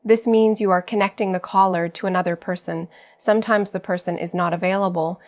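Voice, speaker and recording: A woman giving scripted teaching narration for an English lesson, speaking slowly and clearly at an even pace. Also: lowish voice, dry recording. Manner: slow, clear, evenly paced delivery.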